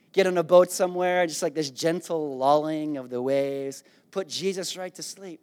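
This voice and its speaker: A man preaching a sermon, retelling a scripture story in a playful, animated way and acting out the characters. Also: on the high side, moderate pace, hardly any pauses. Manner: animated storytelling, acts out disciples with a raised voice; playful, jokes with the congregation. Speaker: pastor.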